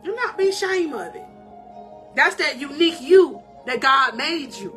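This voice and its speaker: A woman with a high, bright, forceful voice delivers a live-stream pep talk as a life coach. Her manner is animated and emotional, with frequent laughter and preacherly call-outs to her viewers. Soft music plays faintly behind her. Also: unhurried.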